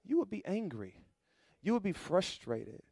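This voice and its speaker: Middle-aged male pastor, preaching sermon, fairly high voice, dry close sound. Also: sing-song, a little slow, gravelly, no room sound. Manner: call-and-response preaching, building to loud emphatic peaks.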